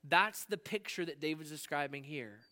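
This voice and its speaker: A pastor in his forties preaching a sermon, slowing down and leaning hard on key words. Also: fairly high pitch, pushed and bright. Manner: emphatic, slows down to stress key words.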